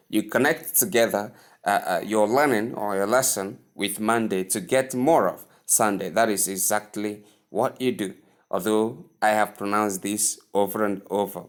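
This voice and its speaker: A man teaching English pronunciation, speaking deliberately and repeating each word several times for the listener to practice. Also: lowish voice, smooth. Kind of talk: pronunciation lesson.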